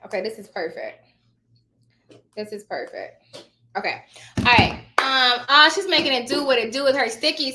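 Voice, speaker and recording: A woman's voice: fairly high pitch, animated, moderate pace, pauses often, sharp tone, a little hiss or hum. A woman in her thirties chatting casually to her viewers, telling stories and calling them y'all. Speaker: notary signing agent vlogger.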